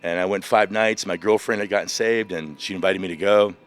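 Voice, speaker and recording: A man in his fifties, a veteran guest on a podcast, candidly retelling personal stories in an animated way. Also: deep voice, a little fast. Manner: animated, vivid retelling of past events.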